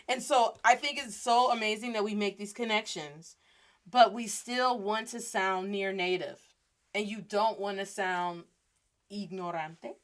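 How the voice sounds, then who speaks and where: A woman hosting a podcast and giving a playful, animated Spanish lesson, mixing Spanish phrases into her English. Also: medium pitch. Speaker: podcast host and Spanish teacher.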